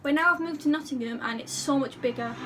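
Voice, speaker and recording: A woman's voice: high voice, fast, distant mic, background noise. A young woman chatting to camera in a rambling, self-deprecating way, talking casually about herself. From England. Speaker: YouTuber.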